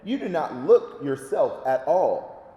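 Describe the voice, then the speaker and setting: A man's voice: a little high, sing-song, takes it slowly, warm tone, lo-fi sound. A man voicing a cheerful, innocent little girl in a storybook reading, chirpy and polite. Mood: wondering. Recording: echoey reverberant room.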